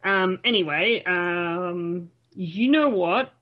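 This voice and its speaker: A woman's voice: lowish voice, takes it slowly, lo-fi sound. Casting: woman host, casual online chat show, talks in loose bursts with restarts. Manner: chatty, restarts often. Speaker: podcast host. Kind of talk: casual group chat on a call. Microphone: home mic on a voice call.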